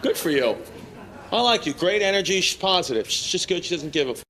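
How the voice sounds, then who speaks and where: A man's voice: high voice, very animated, fairly quick, a bit bright. A man doing brash, teasing crowd work as a stand-up comedian in front of a live audience. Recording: live room with crowd laughter and noise.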